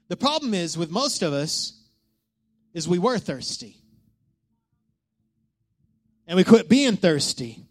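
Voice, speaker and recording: A male pastor preaching a sermon in an animated manner, shifting between loud calls and hushed lines and asking the congregation questions. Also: high voice, normal speed, long pauses.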